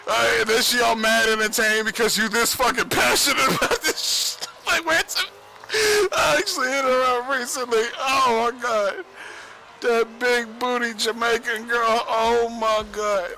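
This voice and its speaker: A man's voice: extremely high pitch, steady tone, a little slow, gravelly, bright, forceful tone, a little hiss or hum, rough recording. A young man rambling casually on a livestream, profane and boastful, laughing often. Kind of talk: rambling casual stream monologue.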